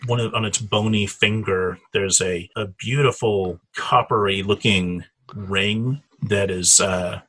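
Mellow-toned man running a tabletop game. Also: fairly low pitch, steady tone, slow, hardly any pauses, husky. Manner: hesitant, many fillers and restarts. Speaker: game master.

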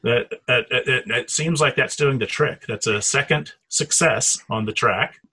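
A man's voice: medium pitch, measured pace, pushed and bright, breathy edge. A man narrating as game master of a tabletop game, hesitant with many fillers and restarts.

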